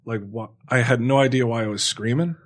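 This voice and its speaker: A man's voice: medium pitch, fast talker. A man telling a long story in casual chat on a podcast, rambling with many fillers and frequent swearing.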